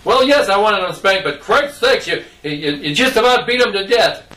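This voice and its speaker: A man's voice: sits high, big pitch swings, a little fast, pitched above the performer's own voice. An older man voicing a middle-aged mother who sounds exasperated and fretful as she fusses over her son. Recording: roomy distant mic, faint noise.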